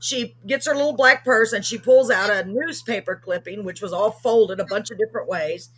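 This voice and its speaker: A woman's voice: medium pitch, normal speed, a bit bright, husky. A woman hosting a live streamed show, telling a story casually and rambling with many ums and self-corrections.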